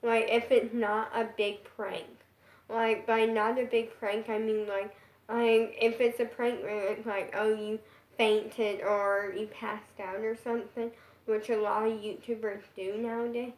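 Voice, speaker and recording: A woman's voice: fairly high pitch, level tone, measured pace. Rambling young girl, echoey room. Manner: rambling, filler-heavy with constant "like". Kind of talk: casual storytime vlog.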